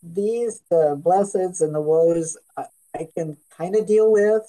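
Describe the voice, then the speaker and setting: A woman's voice: lowish voice, measured pace, warm tone, rough recording. Candid woman in a study group. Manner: candid, earnest. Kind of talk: group discussion.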